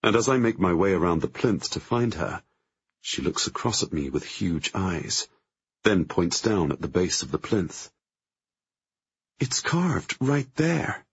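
A man narrating a novel in the first person, with measured and tense storytelling. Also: sits low, dull audio, slight background noise. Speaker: audiobook narrator.

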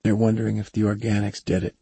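A man with a husky voice playing a young boy gunner who earnestly tries to sound like a battle-hardened soldier. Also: lowish voice, monotone, fast talker, dark tone, dry recording, pitched above the performer's own voice. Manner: earnest, acting older.

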